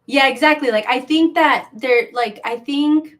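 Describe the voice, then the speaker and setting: Chatty rambling young woman, higher voice. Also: a little slow. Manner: rambling, filler-heavy, with many likes; gossipy and frank. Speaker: crochet seller hosting a live sale. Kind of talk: casual live-stream chat.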